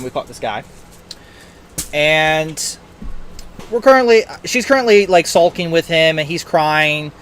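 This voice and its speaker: A man's voice: fairly high pitch, a bit bright, a little hiss or hum. A man chatting casually as a player in a tabletop game, recorded outdoors. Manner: chatty, quick, full of fillers.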